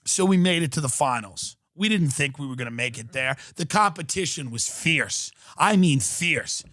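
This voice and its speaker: High-voiced sarcastic man ranting. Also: animated, normal speed, a bit bright, dry recording, clean studio sound. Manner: sarcastic, swearing, mock-outraged, acts out quotes. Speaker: podcast host. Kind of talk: comedic rant.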